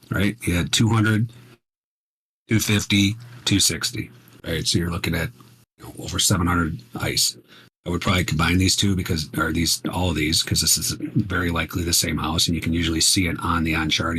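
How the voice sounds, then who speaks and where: A man's voice: deep voice, fairly bright tone, breathy edge. A man teaching futures trading while he trades live, talking casually and emphatically, often checking in with "right?". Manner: conversational, emphatic, repeats "right?".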